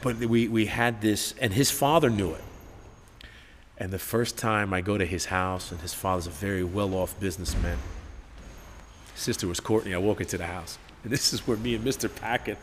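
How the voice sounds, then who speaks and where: A man tells stories in a low-pitched voice. He is profane and animated, and he acts out what people said. The recording carries long reverb from a gym and faint background noise. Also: normal speed. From Newark, New Jersey. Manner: profane, animated storyteller who acts out quotes. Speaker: gym owner and head coach, podcast guest. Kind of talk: casual storytelling interview. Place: martial arts gym.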